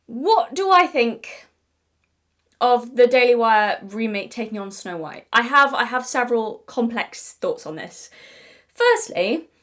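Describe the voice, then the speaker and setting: A woman's voice: fairly high pitch, animated, measured pace, fairly bright tone. A young British woman giving casual commentary to camera, chatty and digressive, often apologizing, and emphatic and exasperated at times. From Britain. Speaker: video essayist.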